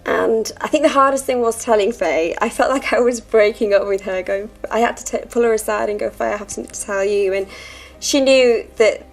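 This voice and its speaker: A woman actor, reflecting in a heartfelt, soft-spoken way during a farewell interview. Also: fairly high pitch, fairly quick.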